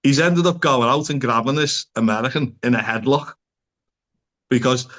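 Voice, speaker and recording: A Liverpool-accented man talks through ideas in an easygoing podcast chat. His voice sits at an average pitch. He rambles and strings thoughts together with "like" and casual swearing. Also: normal speed, fairly bright tone. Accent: Liverpool (Scouse). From Liverpool, England. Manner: rambling, peppers speech with "like" and swearing. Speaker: psychotherapist guest.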